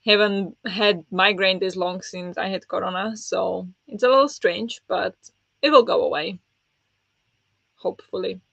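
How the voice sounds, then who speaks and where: Bright-voiced woman hosting a live stream. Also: mid-range voice, fairly even intonation, a little slow, vocal fry, dry recording. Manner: chatty and friendly, many ums, answers chat by name. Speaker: livestream host of a book readalong. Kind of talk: casual livestream chat, greeting viewers. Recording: dull lo-fi mic, dry.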